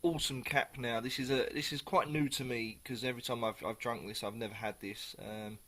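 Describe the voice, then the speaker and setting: A man's voice: mid-range voice, steady tone, fairly quick, sharp tone. A man chatting casually through a beer review on his channel, rambling, swearing and correcting himself as he goes.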